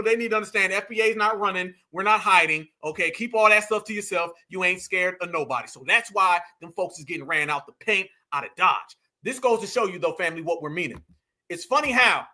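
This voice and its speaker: A man hosting reaction commentary, animated and mocking, repeating his points. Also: sits high. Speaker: commentary host.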